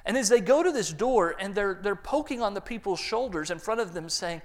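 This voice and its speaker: A man's voice: high voice, animated, brisk, few pauses. Man preaching with dramatic swings. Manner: dramatic, acts out quoted voices, swings between loud and hushed. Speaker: pastor. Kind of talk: sermon.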